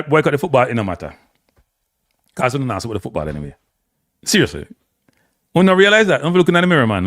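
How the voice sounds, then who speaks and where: Animated Jamaican man, blunt and lively. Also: medium pitch, dry recording, studio quality. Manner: animated, blunt, mixing patois with standard English. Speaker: host. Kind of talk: casual live-stream commentary.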